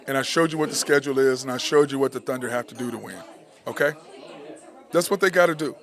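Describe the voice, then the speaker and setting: A man's voice: mid-range voice, quick pace, a bit bright, a faint crowd. A man hosting a sports talk show, ranting with frustration about a basketball team, repeating his points.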